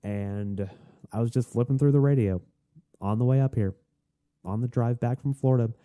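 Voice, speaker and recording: A man hosting a solo podcast, talking in a rambling, chatty and excitable way. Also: medium pitch, moderate pace, no room sound, clean studio sound. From Tennessee. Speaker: podcast host.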